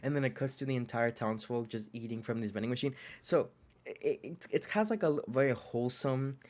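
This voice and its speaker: Young man, mid-pitched, chatty reviewer, lots of likes and restarts, excitable jokey asides. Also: brisk. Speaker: anime reviewer. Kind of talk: casual video review.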